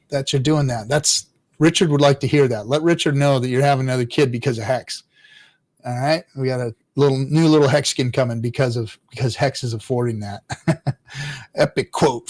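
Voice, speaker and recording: A man in his middle range of pitch chats loosely on a livestream, swearing freely and chuckling between thoughts. He trails off, restarts, and sometimes sinks into quiet low mutters before picking back up. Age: adult father. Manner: profane, rambling, laughs often, drops to low mutters. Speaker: crypto livestream host reading chat. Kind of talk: casual livestream chat.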